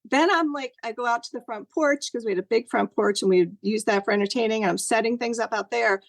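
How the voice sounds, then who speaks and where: A woman's voice: a little high, quick pace, creaky, no room sound. A middle-aged woman telling a personal story over a video call, earnest and rambling with lots of fillers. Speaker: guest sharing a personal story.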